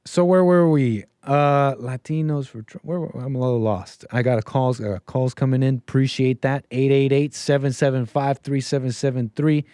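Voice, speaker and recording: This livestream host from the United States gives a casual call-in monologue, rambling through stories and frequently restarting or going off on asides. His mid-range voice is mellow and smooth, with fairly even intonation, a moderate pace, and hardly any pauses, recorded at studio quality with no echo.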